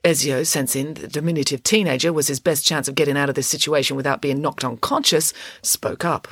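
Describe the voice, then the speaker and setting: A woman narrating a storybook in a lively, expressive reading voice. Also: sits low, a little fast, slightly rough, no echo, clean studio sound. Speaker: audiobook narrator.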